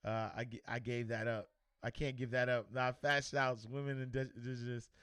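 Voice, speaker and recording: Casual livestream host, male, bright and crisp, loose and repetitive delivery. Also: mid-range voice, level tone, normal speed, dry recording. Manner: loose, repeats words, shouts out viewers. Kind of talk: casual livestream chat reading comments.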